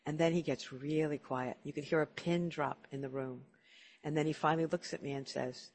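A man's voice: a little high, fairly even intonation, fairly quick. A man hosting an interview, chatty and telling stories, often repeating words as he starts a sentence. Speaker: interview host. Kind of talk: casual storytelling interview.

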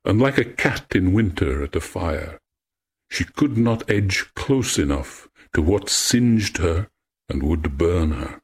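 Male storyteller, low and unhurried, husky, reads myths aloud. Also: expressive. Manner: slow, measured, poetic. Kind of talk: reading a myth aloud.

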